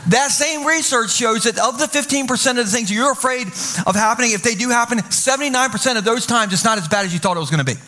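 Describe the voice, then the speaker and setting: On a church stage, a male pastor gives humorous sermon storytelling, telling funny stories and acting out quoted voices with lots of animation. His voice is very high-pitched, fast, pushed, and bright.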